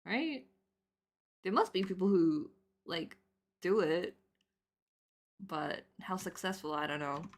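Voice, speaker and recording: A woman in her twenties chatting casually while she draws on stream, rambling with lots of fillers and laughing loudly and often. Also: fairly low pitch, animated, takes it slowly, long pauses. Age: 20s.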